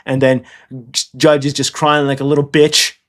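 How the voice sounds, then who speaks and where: A man's voice: mid-range voice, little pitch movement, moderate pace, a bit bright. A man in casual, rambling commentary, blunt and profane, who keeps checking in with "okay?". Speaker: anime commentator. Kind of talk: casual tier-list commentary.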